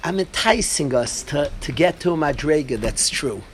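A man giving an informal Torah class as a rabbi, telling a story with lively energy and asking his listeners questions. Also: fairly high pitch, normal speed, slight background noise. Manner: animated storytelling, asks the audience.

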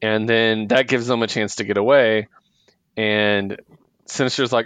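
A man's voice: on the low side, unhurried, long pauses, a bit bright, clear, resonant tone, no echo. Laughing man recapping comics. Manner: laughs often, acts out quoted characters. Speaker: podcast co-host. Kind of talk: casual comic book discussion.

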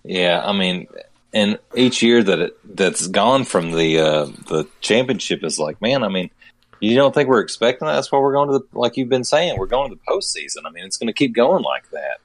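A man talking casually on a sports podcast, rambling and halting, with many restarts. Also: lowish voice, very animated, dry recording. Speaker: podcast co-host.

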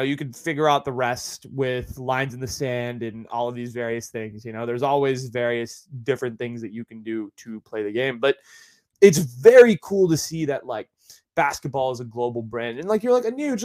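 A man's voice: medium pitch, a little mellow. A man hosting a podcast in a casual, rambling monologue full of fillers and asides. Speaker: podcast host.

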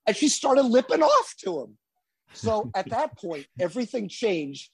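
A man, a guest musician, telling a road anecdote in a casual, animated storytelling manner. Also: high-pitched, unhurried, gravelly, slightly rough, dry recording.

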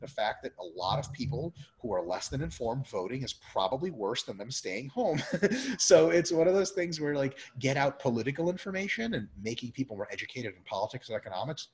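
Animated, profane man from Russia. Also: mid-range voice, a little fast, hardly any pauses, low-quality recording. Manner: animated, blunt and profane, with lots of filler words. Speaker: podcast guest. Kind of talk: casual conversation.

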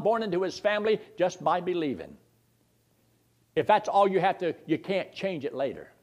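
A man preaching a sermon in a high voice. He swings his pitch widely, rising and dropping for emphasis. He reads scripture aloud and keeps putting questions to his listeners. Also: a little mellow.

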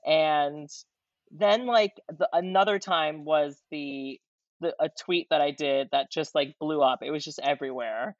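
Woman guest, lowish voice, rambling and relaxed, dry muffled call audio. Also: measured pace, no room sound. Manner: relaxed, rambling, many fillers. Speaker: comedy video creator, guest. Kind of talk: casual interview chat. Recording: dull dry remote audio.

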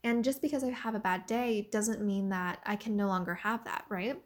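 A young woman talks casually and earnestly about pushing past self-doubt. Her speech is loose and chatty, full of "like" and "you know". Her voice sits in a middle pitch for a woman. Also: fairly even intonation, normal speed. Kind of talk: casual motivational monologue.

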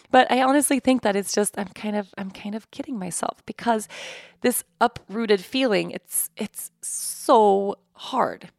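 A woman in her thirties hosting a podcast, speaking candidly with halting fillers in a reflective personal monologue. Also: mid-range voice, vocal fry, dry recording, clean studio sound. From Sweden. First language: Swedish. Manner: candid, halting, with frequent "like" fillers and soft laughs. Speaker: podcast host. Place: home apartment.

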